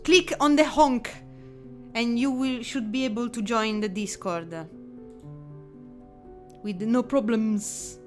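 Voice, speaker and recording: A woman's voice: on the high side, slow pace, long pauses, soft background music. A woman with an Italian accent chatting casually with her audience while drawing live, giggly and full of fillers and restarts. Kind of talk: casual live-stream chat.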